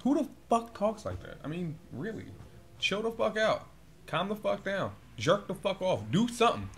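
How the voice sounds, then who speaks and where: A man's voice: sits high, sing-song, normal speed, vocal fry, slight background noise. A man delivering a profane comedic rant, swearing constantly in a laid-back drawl that flares up in exasperation. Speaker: vlogger.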